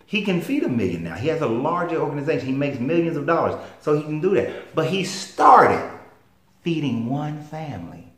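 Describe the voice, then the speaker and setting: A man's voice: a little high, big pitch swings, moderate pace, a bit bright. A man with a Southern US accent, a life coach telling stories in a plain-spoken, emphatic motivational monologue. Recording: roomy echo.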